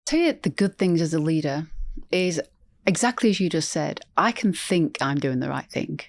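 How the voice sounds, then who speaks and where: A woman's voice: low-pitched, animated, moderate pace. A middle-aged woman and healthcare executive, talking earnestly as a podcast guest, often restarting her sentences. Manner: earnest and heartfelt, frequent restarts. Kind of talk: conversational podcast interview.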